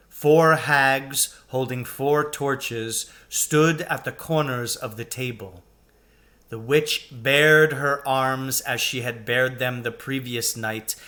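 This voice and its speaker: A man, a teacher, reading a children's novel aloud with slow, deliberate storytelling. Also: mid-range voice, pushed and bright.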